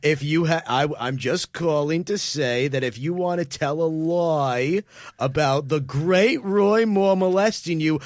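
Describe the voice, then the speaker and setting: A man voicing a smarmy fake robocall caller with a slow, wheedling pitchman delivery. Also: no room sound, studio quality, lightly acted. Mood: mock-sincere.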